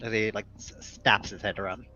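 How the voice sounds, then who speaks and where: A man's voice: on the low side, steady tone, a little fast, sharp tone, lo-fi sound, slight background noise. A man running a tabletop game as game master, narrating and calling for checks in a casual, offhand way.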